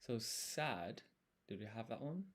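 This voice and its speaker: A man's voice: mid-range voice, expressive, unhurried. A man streaming his language study, talking himself through each step as he writes. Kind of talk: thinking aloud while writing.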